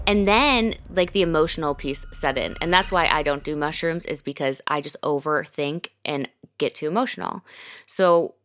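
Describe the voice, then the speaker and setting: A woman hosting a podcast, telling a personal story in a casual, animated way, with lots of fillers and swearing. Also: sits low, moderate pace, a little hiss or hum. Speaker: podcast host.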